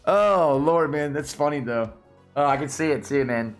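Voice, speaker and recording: Southern tennessee guy streaming, chatty and giggly, kinda high voice, faint music in the back. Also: slow pace, pauses often. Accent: Southern American. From Tennessee, USA. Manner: laughs often, lively and excitable. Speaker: livestream host. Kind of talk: casual livestream chat.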